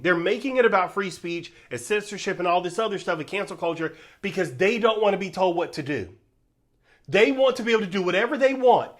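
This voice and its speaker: A man with a fairly high voice delivers emphatic video commentary straight to his audience. He talks in an earnest, direct way and keeps addressing viewers as y'all. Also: fairly bright tone. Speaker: online commentator.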